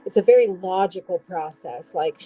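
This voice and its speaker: A woman's voice: on the low side, normal speed, dark tone, faint music behind, low-quality recording. A woman giving a casual tarot reading, rambling and restarting, swearing now and then. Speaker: tarot reader.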